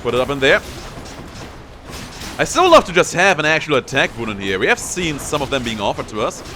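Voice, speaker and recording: A man's voice: fairly high pitch, sing-song, brisk, music in the background. A young man giving casual commentary on his own gameplay, playfully taunting enemies as he goes. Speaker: gameplay streamer.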